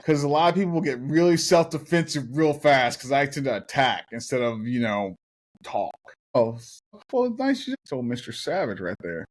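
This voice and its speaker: A man's voice: mid-range voice, lively intonation, moderate pace. A young adult man hosting a casual podcast chat, swearing often and laughing through his stories. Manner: swears a lot, laughs while telling stories. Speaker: podcast host.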